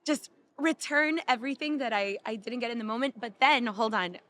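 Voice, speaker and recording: A woman in her thirties co-hosting a casual chat, telling a family story in a lively, playful way. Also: fairly high pitch, brisk. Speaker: podcast co-host. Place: at a theme park.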